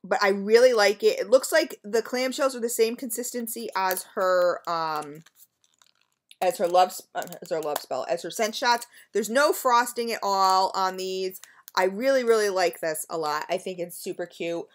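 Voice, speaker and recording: A woman's voice: mid-range voice, moderate pace. A woman reviewing scented wax melts in a casual home vlog, chatty and gushing, talking straight to her viewers with frequent ums.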